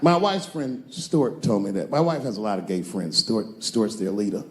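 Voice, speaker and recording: A man performing a stand-up comedy set, telling stories with animated delivery and acting out other people's voices. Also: on the low side, normal speed, background noise. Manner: animated storytelling, acts out characters' voices.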